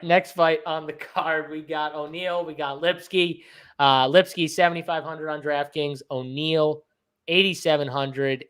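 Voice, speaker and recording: Chatty, laughing sports-betting host. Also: male voice, on the high side, fairly bright tone, clear, resonant tone. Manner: chatty, laughs often, profane. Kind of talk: casual sports betting talk.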